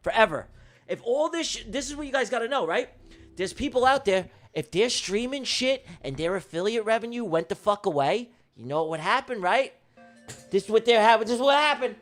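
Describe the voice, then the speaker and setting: Brash, excitable man with a high, lively voice. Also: fairly quick, faint music behind. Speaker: day trader hosting a livestream. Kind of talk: live trading stream chat.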